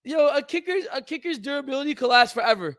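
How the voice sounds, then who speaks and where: A young man with a strikingly high voice co-hosts a casual sports chat, teasing and ranting in animated bursts. The sound is dry and close, with no room around it. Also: quick pace, no echo. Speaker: co-host. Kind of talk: casual sports podcast banter.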